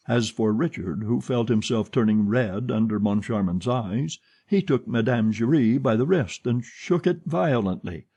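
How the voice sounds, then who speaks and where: A man narrating a classic novel as an audiobook, with a lively, expressive reading. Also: medium pitch, moderate pace, few pauses, breathy edge. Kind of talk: scripted narration.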